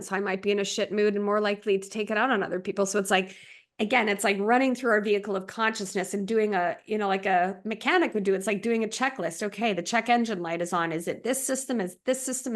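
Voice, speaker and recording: A woman's voice: mid-range voice, fairly bright tone. A woman who works as a relationship coach, speaking in a conversational podcast style and explaining ideas reflectively through everyday examples and checklists.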